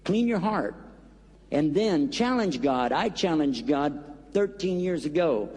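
A man's voice: fairly high pitch, lively intonation, slow pace, a little mellow, husky, big-room sound. A man preaching to an audience, earnest and pleading, stretching out key words for emphasis. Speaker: Muslim preacher. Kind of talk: preaching talk with acted-out story.

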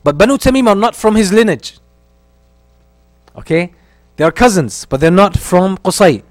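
A man teaching a religious history lesson in a somewhat high voice. He moves between reciting Arabic and explaining it, often repeating his points. The sound is dry and close, with no room echo. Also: expressive, normal speed. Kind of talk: lecture on early Islamic history.

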